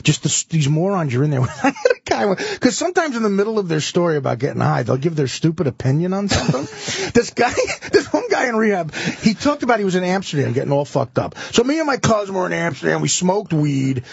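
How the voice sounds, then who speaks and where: Brief: high, lively, husky man swapping rehab stories; dry, dull studio sound. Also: fast, few pauses, no echo. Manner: animated, laughing, profane. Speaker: comedian guest. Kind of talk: radio talk show storytelling.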